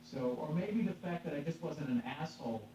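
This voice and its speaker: A man's voice: on the high side, expressive, a little fast, dark tone. A man, a stand-up comedian, telling a story in casual podcast chat, cursing freely, laughing and acting out the voices of the people he quotes. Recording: echoey, distant, dull with faint hum.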